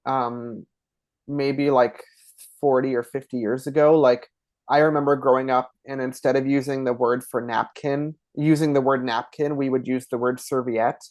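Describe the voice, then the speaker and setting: A man's voice: medium pitch, flat delivery, normal speed, darkish tone, no echo. Chatty Ontario Canadian man, dry sound. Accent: Eastern Canadian (Ontario). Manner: chatty, explanatory, demonstrates pronunciations aloud. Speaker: podcast guest. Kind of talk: casual interview conversation.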